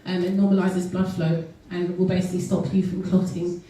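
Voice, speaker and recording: A woman's voice: fairly low pitch, flat delivery, a little fast, warm tone, slight background noise. Earnest woman in an echoey hall. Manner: earnest, with frequent ums and restarts. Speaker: guest speaker. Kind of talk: casual health talk to an audience. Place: event hall. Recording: echoey hall recorded from far off.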